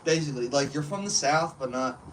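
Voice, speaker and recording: A man of middling pitch jokes offhandedly and thinks out loud in a casual livestream chat. He sits a little way from the mic, and clear room noise runs under him. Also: fairly quick, distant mic, rough recording.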